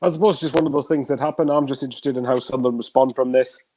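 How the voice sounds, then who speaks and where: A man giving measured, slightly hesitant opinions as a co-host on a fan stream. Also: mid-range voice, fairly even intonation, warm tone. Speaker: co-host pundit. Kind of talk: casual fan chat.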